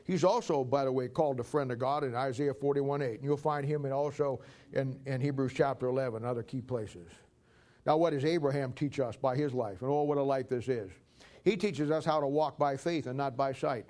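A man's voice: mid-range voice, fairly quick, darkish tone. A man preaching a folksy, conversational sermon and acting out Bible stories.

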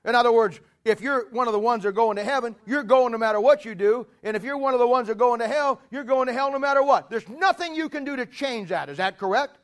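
A man preaching in a very high voice. He talks in a folksy, conversational way, jokes with his congregation and breaks into emphatic shouts to press a point. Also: quick pace, few pauses. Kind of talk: sermon.

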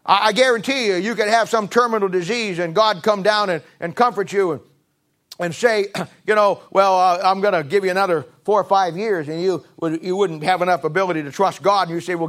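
High-voiced emphatic preacher man. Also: a bit bright. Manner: emphatic, rising to high-pitched emphasis and dropping low; repeats phrases, restarts. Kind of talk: sermon.

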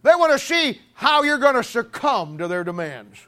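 A man preaching a sermon in an animated, humorous way, stammering restarts and acting out little scenes. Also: very high-pitched, normal speed.

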